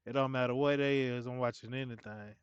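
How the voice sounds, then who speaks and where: Smooth-voiced laid-back male host. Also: medium pitch, fairly even intonation, fairly quick, no echo. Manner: laid-back, drawling "man" at line ends. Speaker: reaction channel host. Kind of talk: casual video sign-off. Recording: dry, slightly dull mic.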